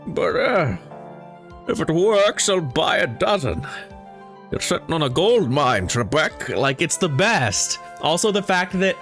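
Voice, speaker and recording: Chatty streamer guy, pitch jumping all over, faint music under. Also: fairly bright tone. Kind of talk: casual let's-play commentary.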